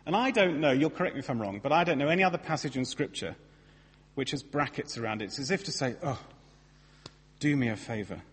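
A preacher with a slightly raised, husky voice delivers a chatty, self-mocking sermon. His words ring out with a long reverb through a big church hall. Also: fairly high pitch, quick pace. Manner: lively, conversational, self-deprecating storytelling.

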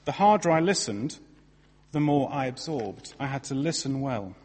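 A man giving a sermon in a church, lively, conversational and self-deprecating as he tells stories. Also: medium pitch, normal speed. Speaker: preacher. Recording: long reverb of a large hall.

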